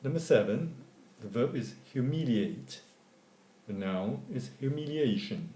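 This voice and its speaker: A man reading an English grammar lesson as scripted narration, going through word forms in a measured, deliberate way. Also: mid-range voice, expressive, warm tone, a little hiss or hum. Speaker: English teacher. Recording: echoey room.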